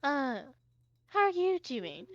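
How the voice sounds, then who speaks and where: A haughty tiger prince who taunts and needles, with a low, rough growl in his voice, as a woman puts him on. The delivery is dry and close, in a tabletop game. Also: very animated, slow, fairly bright tone, no room sound, dull audio, exaggerated voice. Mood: taunting.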